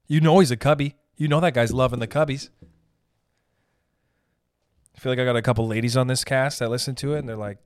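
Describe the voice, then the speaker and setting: A man hosting a podcast, ranting in a rambling, profane, comedic way and slipping into quick character voices. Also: medium pitch, steady tone, no room sound, clean studio sound. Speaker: podcast host. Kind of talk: casual comedic rant.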